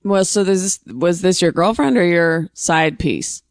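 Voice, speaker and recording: A woman's voice: on the low side, unhurried, no echo, clean studio sound. Wry, teasing woman comedy host. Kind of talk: casual comedy call-in chat.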